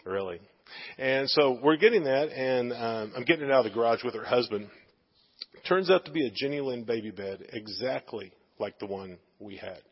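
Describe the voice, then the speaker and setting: A man's voice: medium pitch, moderate pace, slightly rough. A man preaching, telling a personal story with lots of fillers and quoted dialogue, at times tearful. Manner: animated anecdotal, many fillers. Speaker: preacher sharing a testimony. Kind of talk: sermon storytelling. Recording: dull sound in a reverberant hall.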